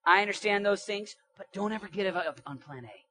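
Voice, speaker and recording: An animated young male preacher delivers a sermon with a bright, forceful edge to his voice. He reads scripture aloud and breaks into casual slang between verses. His delivery swings from quiet asides to loud, emphatic lines. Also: high voice, a little fast. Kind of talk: sermon with Bible reading.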